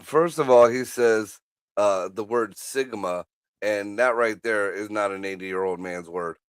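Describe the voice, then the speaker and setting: A man's voice: on the low side, a little slow, clean tone, no echo. A man co-hosting a live stream, throwing in blunt, crude wisecracks. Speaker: co-host. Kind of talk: casual crude banter.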